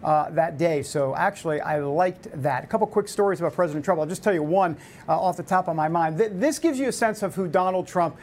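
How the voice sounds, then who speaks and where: A man's voice: fairly high pitch, fairly quick. Chatty New man hosting a talk show. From New York. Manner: chatty storytelling with many fillers and restarts. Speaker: host. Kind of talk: casual talk show monologue.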